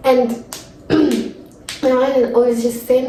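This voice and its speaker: Speaking slowly with frequent pauses, this young Kenyan vlogger has a high, flat, dark-toned voice. She rambles chattily through a story from her room, restarting often and nearly crying. The poor audio has an echoey room sound and a little hiss.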